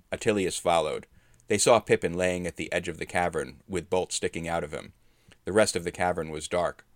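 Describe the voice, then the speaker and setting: Low-voiced male narrator, steady and understated. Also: no echo, clean studio sound. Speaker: narrator recapping a tabletop game. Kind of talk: story-style narration of a game session.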